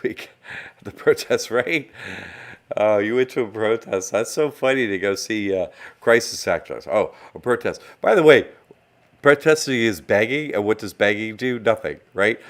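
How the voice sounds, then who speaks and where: A man hosting a live-streamed online class, rambling and conversational as he greets chat viewers. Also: on the low side. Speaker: online course host.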